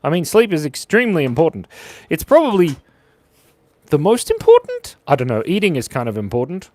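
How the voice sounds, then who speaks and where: A man's voice: fairly high pitch, huge pitch swings, a little fast, a little mellow. A man hosting a casual livestream, chatting with viewers while he draws, joking and rambling with frequent laughs. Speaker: channel host and animator.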